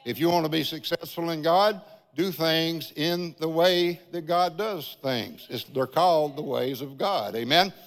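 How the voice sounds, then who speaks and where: A man's voice: fairly high pitch, a little slow. Older preacher man with a ringing hall echo. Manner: folksy testimony storytelling, often calling out "Amen". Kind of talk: sermon. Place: large church sanctuary. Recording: long church-hall reverb.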